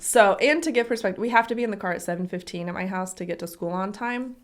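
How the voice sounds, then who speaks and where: A woman's voice: medium pitch, fast. A woman in her thirties, a podcast co-host, telling a story in casual chat and acting out the quotes. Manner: animated, acts out quotes, laughs often.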